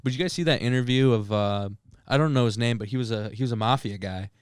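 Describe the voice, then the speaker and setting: A young man, a podcast co-host, telling a story in casual chat among friends, animated, with filler words and swearing. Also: mid-range voice, fast talker, smooth, no room sound, studio quality.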